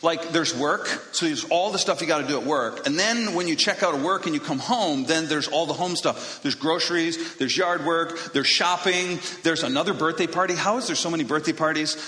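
Bright-voiced pastor in an echoing hall. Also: male voice, on the high side, brisk, few pauses. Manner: conversational, self-deprecating asides to the congregation. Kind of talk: sermon. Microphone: handheld or stage microphone. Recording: echoey hall reverb.

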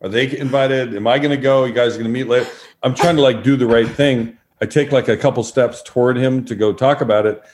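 A middle-aged man, a former sports broadcaster, telling relaxed anecdotes as a podcast guest and acting out quotes. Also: mid-range voice, fast, slight background noise. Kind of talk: storytelling in a podcast interview.

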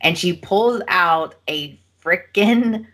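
A woman hosting a podcast, telling a story in casual chat, animated and acting out the quotes. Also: fairly low pitch, slow, heavy background noise. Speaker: podcast host.

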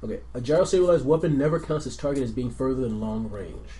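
Man running a tabletop game with a lively voice. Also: mid-range voice, quick pace. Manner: relaxed, laughs often, slips into character voices. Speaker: game master.

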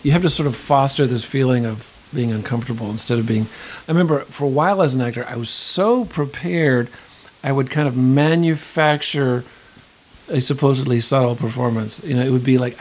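A man's voice: medium pitch, brisk, poor audio. A middle-aged male actor and acting teacher in an interview, talking thoughtfully and rambling, with many restarts. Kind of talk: conversational interview. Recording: faint hiss.

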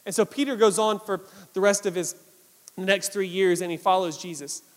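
High-voiced preacher in a reverberant hall. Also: male voice, normal speed. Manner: animated, repetitive emphasis, acts out quotes. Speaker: pastor. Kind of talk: sermon.

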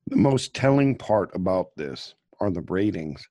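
A man's voice: low-pitched, very animated, measured pace, mellow, dry recording. A man co-hosting a casual TV show discussion, talking in a dry, wry, grumbling way.

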